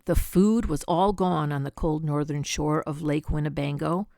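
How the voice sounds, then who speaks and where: An older woman reading a rhyming picture book aloud, dramatic with soft whispered asides. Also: low voice, steady tone, normal speed, vocal fry, no room sound, studio quality. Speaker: storyteller.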